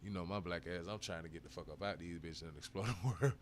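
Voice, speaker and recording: A man's voice: deep voice, fast, slight background noise. A man hosting a live stream, chatting casually with heavy swearing, frequent laughs and bursts of hype. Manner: profane, hyped, laughs often.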